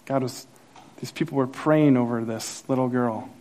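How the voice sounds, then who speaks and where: A man preaching a sermon as pastor, telling a personal story with acted-out quotes and rising excitement. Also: normal speed. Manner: animated storyteller, acts out quotes, grows louder and higher as the story builds.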